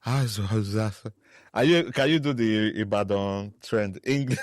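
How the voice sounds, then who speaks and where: A man with a Nigerian accent co-hosting a casual podcast chat, teasing and animated, slipping into pidgin. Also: on the low side, measured pace, no echo, studio quality. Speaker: podcast co-host.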